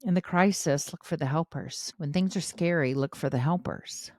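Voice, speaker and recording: A middle-aged woman giving encouraging parenting advice in a casual podcast, acting out quoted voices with animated shifts. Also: deep voice, normal speed, dry recording. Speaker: podcast host, parenting educator.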